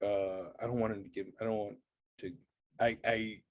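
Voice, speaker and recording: Low-voiced man playing a tabletop game. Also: flat delivery, a little mellow. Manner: halting, laughing and playful. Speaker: player.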